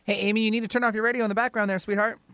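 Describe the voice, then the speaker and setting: Fast lively guy running radio callers, bright voice. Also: sits high, clean tone, dry recording. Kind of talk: call-in radio show hosting.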